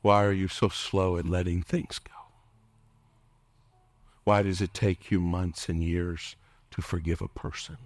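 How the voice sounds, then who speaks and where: Impassioned middle-aged male pastor, low voice. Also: little pitch movement, a little slow, pauses often, no room sound. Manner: impassioned preaching, dropping at times to a hushed whisper; calls out to the congregation for responses. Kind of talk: sermon.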